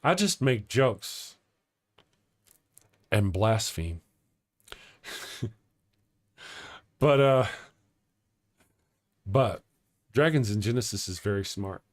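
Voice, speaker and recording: A middle-aged man with a fairly low, expressive voice hosts a casual morning livestream, speaking very slowly with frequent pauses. He rambles and chats while reading viewer comments aloud.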